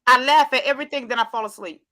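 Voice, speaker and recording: A woman hosting a casual chat, a loud and animated storyteller. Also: high-pitched, fast talker, dry recording. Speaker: host.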